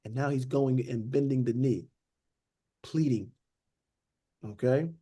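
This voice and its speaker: Speaking slowly in a mid-range voice, this man leads a Bible study like a relaxed sermon. He gets animated, playing out the characters himself, and keeps dropping in "beloved" and "okay?".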